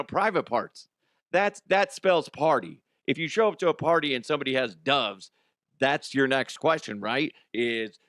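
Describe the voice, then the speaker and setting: A man's voice: medium pitch, a bit bright, dry recording, studio quality. A middle-aged man hosting his own comedy podcast, rambling and swearing, laughing often at his own jokes. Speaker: podcast host. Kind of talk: casual comedic monologue.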